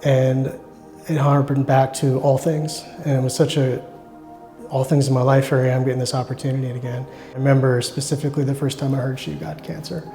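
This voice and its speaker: A man's voice: medium pitch, flat delivery, vocal fry, mellow. Earnest man giving a testimony over music. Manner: earnest, reflective, halting with restarts. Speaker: church member sharing testimony. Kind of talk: personal testimony.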